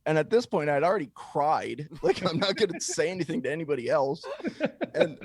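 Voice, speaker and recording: A man's voice: fairly high pitch, a little fast, husky, no echo. A young man co-hosting a podcast, telling a long embarrassing story in casual, rambling chat with plenty of swearing. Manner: animated, swears freely, rambling anecdote. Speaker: podcast co-host.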